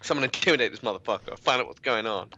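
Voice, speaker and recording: A man's voice: medium pitch, lively intonation, very fast, sharp tone, no room sound, dull audio. A man playing a tabletop game, sarcastic and blunt. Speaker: player.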